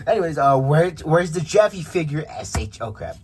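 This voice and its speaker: A man's voice: on the high side, very animated, normal speed, a little mellow, faint music behind. A man reviewing a toy figure in a casual vlog, rambling and interrupting himself with frequent asides. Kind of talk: casual unboxing vlog chat. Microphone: camera microphone.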